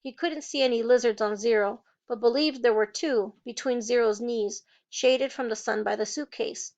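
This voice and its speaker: A woman's voice: on the high side, moderate pace, a little mellow, highs cut off. A woman reading a novel aloud, changing her voice to play each character. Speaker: reader.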